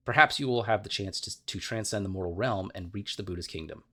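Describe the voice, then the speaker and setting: A man voicing a calm, serene old male abbot from game lore, read aloud in a measured way. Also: lowish voice.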